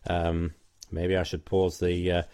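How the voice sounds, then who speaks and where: This is a man with a somewhat low voice giving spoken Bible teaching into a recorder. He explains each passage earnestly and reads scripture aloud. His talk is loose and full of hesitations. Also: completely flat delivery, unhurried, a little mellow, clean tone. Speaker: preacher recounting a doorstep discussion. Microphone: personal recorder.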